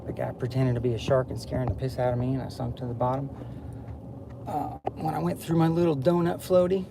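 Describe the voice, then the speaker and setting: A young man talking to his camera while riding in a car, rambling casually, excitable one moment and murmuring the next. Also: medium pitch, a little fast, creaky, noisy background. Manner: excitable, jumps between topics, swings from loud to murmured. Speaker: vlogger. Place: inside a car.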